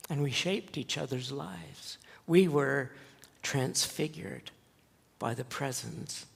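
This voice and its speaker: A male pastor preaching a sermon, telling a story slowly and earnestly with dramatic pauses. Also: medium pitch, vocal fry, husky. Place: church sanctuary. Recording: long church reverb.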